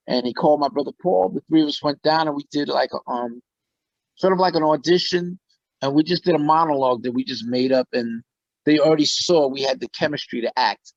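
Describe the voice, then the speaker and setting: Middle-aged man, interview guest, lively storytelling, dull dry recording. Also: fairly high pitch, brisk, creaky, dry recording. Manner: animated, laughs often, acts out quotes. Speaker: interview guest, musician and actor.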